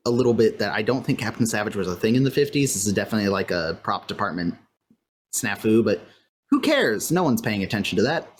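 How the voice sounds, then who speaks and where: A podcast co-host talks through an episode recap in a loose, chatty way, circling back on thoughts and leaning on filler words. The pitch sits in the middle of the range. A faint hum of a fan runs underneath. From California. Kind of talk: casual episode recap chat. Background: faint fan or air-conditioner hum.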